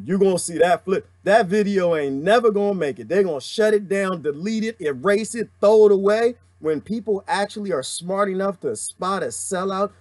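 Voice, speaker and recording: A man hosting a livestream, ranting with emphatic repetition and calling out viewers by name. His voice is high and sits dry and close to the mic. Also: no echo. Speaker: livestream host reading viewer comments. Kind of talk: impassioned livestream rant.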